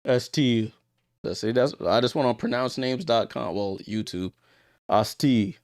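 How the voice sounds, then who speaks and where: Casual live commentary comes from a watchalong host whose medium-pitched voice is clear and resonant, delivered at a normal speed. He chats directly with viewers, calls plays as they happen, and gets louder for big ones, all in studio quality with no room sound.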